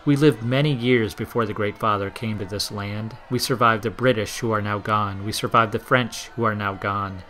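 A man's voice: on the low side, close to an everyday voice. A man voicing a defiant middle-aged chief elder. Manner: defiant, forceful.

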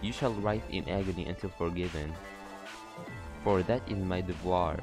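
A righteous, stern preacher-like woman handing down judgment, as a man reads her. Her words are slow and solemn in a deep register. Game music plays clearly behind. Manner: solemn, pronouncing.

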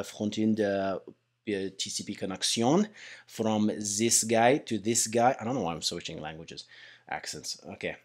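This young adult man has a mid-range voice and gives a laid-back, lively software engineering talk at a whiteboard, peppering it with "right?" and speaking to everyone as "guys."

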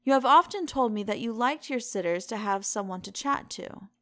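A woman reading the lines of a witty, languid aristocratic gentleman in a storybook reading, in a teasing, drawling way. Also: fairly high pitch, animated, normal speed, no echo, studio quality.

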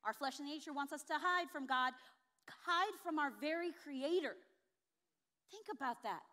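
A woman pastor preaching with a notably high voice. Her delivery is expressive, and it rises to emphatic, ringing peaks. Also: moderate pace. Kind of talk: sermon.

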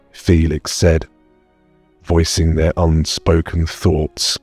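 Deep-voiced male audiobook narrator. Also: big pitch swings, warm tone, dry recording. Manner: measured storytelling. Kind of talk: scripted narration. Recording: dry close mic, faint music bed.

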